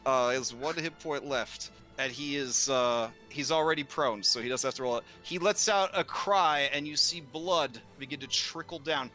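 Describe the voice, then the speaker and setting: A man narrating a tabletop game as game master, slow and rambling with many fillers. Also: mid-range voice, sharp tone, faint music behind.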